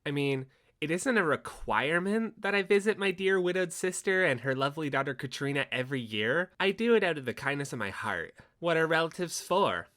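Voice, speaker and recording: A man's voice: fairly high pitch, lively intonation, a little fast, bright, forceful tone. A man putting on a prim, fussy auntie. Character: fussy, prim middle-aged woman visitor.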